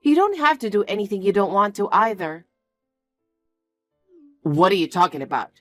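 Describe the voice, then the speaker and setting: A bossy, defensive young man snaps in short, scolding lines, as a woman puts him on. The voice sits mid-range and slow. It is recorded dry and close, with faint music underneath. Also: mid-range voice, big pitch swings, no room sound, lightly acted. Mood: gentle. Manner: curt and scolding.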